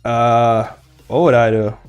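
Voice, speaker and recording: A man's voice: medium pitch, flat delivery, slow pace, clean tone, soft background music. A young man chatting casually with viewers while drawing his comic. He rambles, laughs a lot and swears freely. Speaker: comic artist streaming. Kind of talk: casual live-stream chat.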